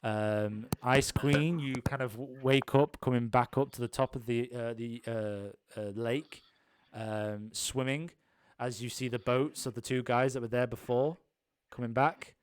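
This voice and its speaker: A man's voice: medium pitch, fairly even intonation, measured pace, smooth, dry recording. Young male GM, loose rambling narration, lots of ums, tabletop one-shot. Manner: rambling, many ums and restarts. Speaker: game master. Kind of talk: improvised tabletop game narration.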